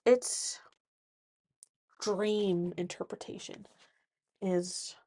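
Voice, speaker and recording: A woman hosting a solo podcast from inside a small closet, talking in an excitable, rambling way with many restarts. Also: medium pitch, no room sound, studio quality. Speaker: podcast host.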